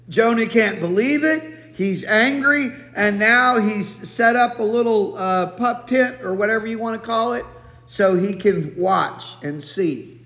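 A man giving a Bible teaching sermon in a relaxed, conversational way, full of restarts and asides. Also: very high voice, slow pace. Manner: conversational, many restarts and fillers. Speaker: preacher. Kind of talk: expository sermon. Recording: echoey hall.

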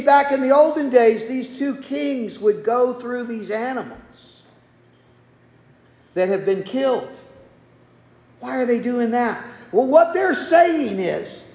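A man preaching a sermon, telling the story in a folksy way and acting out the quotes. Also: extremely high pitch. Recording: echoey hall.

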